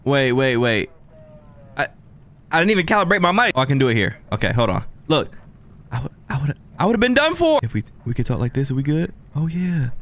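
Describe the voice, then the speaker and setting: A young man playing a horror game on stream, joking loudly with his viewers. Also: medium pitch, sing-song, a little fast. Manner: joking, playful and loud, talking to viewers. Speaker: gaming streamer.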